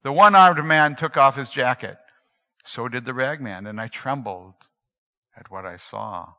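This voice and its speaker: A man reading a story aloud dramatically, moving between hushed and emphatic delivery. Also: mid-range voice, a little slow. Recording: dull lo-fi recording in a reverberant hall.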